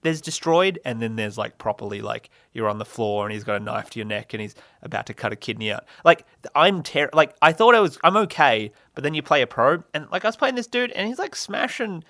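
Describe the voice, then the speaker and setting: A man's voice: medium pitch, sing-song, a little fast, few pauses, sharp tone, no room sound, clean studio sound. A young man hosting a solo comedy podcast, rambling and self-mocking with lots of fillers and laughs. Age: young adult. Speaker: podcast host.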